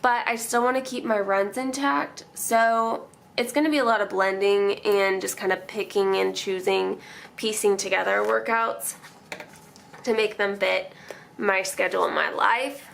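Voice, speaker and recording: A woman's voice: medium pitch, fairly even intonation, a little slow, vocal fry, a bit bright, slight background noise. A young woman vlogger chatting casually and emotionally as she decorates her planner, rambling and laughing often.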